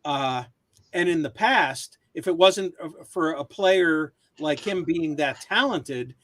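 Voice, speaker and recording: A man's voice: on the high side, slow pace, fairly bright tone, a little hiss or hum. A man chatting casually on a live web show over a video call, rambling and giving his opinions.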